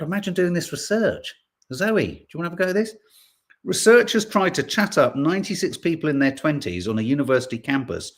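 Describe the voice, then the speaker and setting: A man from Birmingham hosting a podcast, casually reading out headlines and viewer comments with jokey, playful asides. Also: fairly high pitch. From Birmingham, England. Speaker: podcast host.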